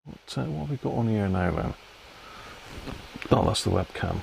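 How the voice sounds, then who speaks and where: A man's voice: fairly low pitch, animated, moderate pace, gravelly, long pauses, darkish tone, a little hiss or hum, rough recording. A British man hosting a live stream about radios, thinking aloud in a casual, rambling way. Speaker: radio hobby channel host.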